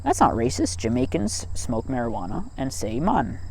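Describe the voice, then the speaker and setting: A man's voice: medium pitch, wildly swooping pitch, moderate pace, darkish tone. A man talking to camera in a rambling, casual monologue outdoors in a field, joking at his own expense and laughing often between thoughts, into a cheap mic with poor wind protection. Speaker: vlogger. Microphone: cheap mic without proper wind protection.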